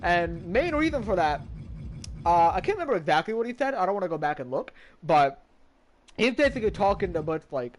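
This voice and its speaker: Male streamer, high and animated, chatty and rambling, casual swearing. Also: a little fast, a little hiss or hum. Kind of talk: casual game story recap.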